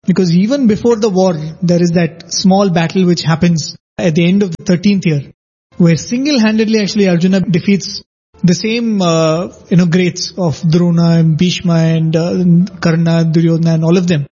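A man's voice: sits high, steady tone, normal speed, dark tone, husky, highs cut off. A man in a devotional discussion, explaining episodes at length with frequent asides.

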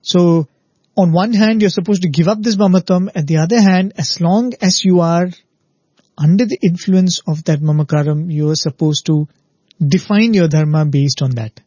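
A man speaks earnestly in a spiritual talk, telling a parable and often checking in with his listeners. His voice sits a little high, with a mellow, slightly husky tone. The recording is dry and dull. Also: moderate pace, no room sound. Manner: earnest, repeats "very, very" and asks "right?".

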